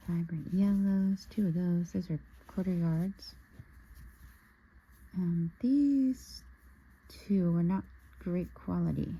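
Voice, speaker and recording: A sewing vlogger shows off a fabric haul in casual show-and-tell style, musing aloud and sometimes dropping to a near-whisper. Her fairly low voice is gravelly and warm with a slightly rough texture, and the audio sounds dull.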